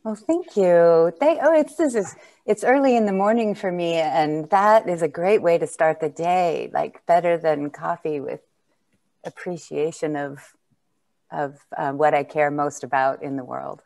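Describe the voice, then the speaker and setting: A woman's voice: low-pitched, unhurried, vocal fry, darkish tone. A woman from the United States, a conference speaker, answering a host over a video call in a thoughtful, appreciative way. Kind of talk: conversational interview answers.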